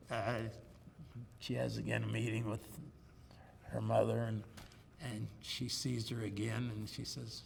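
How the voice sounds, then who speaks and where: An older man with a deeply gravelly voice tells his life stories in a chatty, joking way. He speaks into a lapel mic in a room with a long reverb. Faint ambient noise sits behind him. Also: flat delivery, a little slow, long pauses. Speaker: interviewee. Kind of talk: oral history interview.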